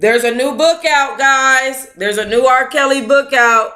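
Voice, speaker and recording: Bright-voiced, excitable woman host. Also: high voice, measured pace. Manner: excitable, dramatic outbursts, talks to herself. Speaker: book club host. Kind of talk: casual livestream chat.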